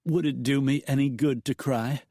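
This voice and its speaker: A man's voice: medium pitch, fairly even intonation, normal speed, mellow, no room sound, clean studio sound, voice pushed up, natural voice. A man voicing a frightened woman, a banker's wife, in a quavering, pleading voice. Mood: tense.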